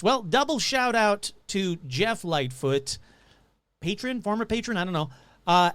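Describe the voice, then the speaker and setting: A man's voice: high voice, a bit bright, no echo. A man hosting a podcast in casual chat, playful and jokey with rambling asides. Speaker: podcast host.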